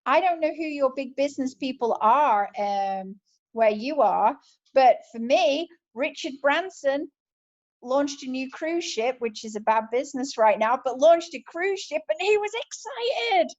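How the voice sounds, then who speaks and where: British woman, sales team leader, eager motivational chat, higher voice. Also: animated, a little slow, lo-fi sound. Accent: British English. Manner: enthusiastic and chatty. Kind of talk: motivational business talk.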